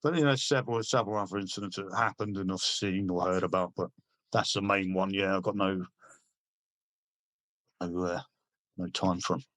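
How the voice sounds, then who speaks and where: Man, middle-aged, from Britain, low voice, dry sound, blunt, sweary, halting. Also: fairly even intonation, fairly bright tone, no echo. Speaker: army veteran guest. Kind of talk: casual interview storytelling.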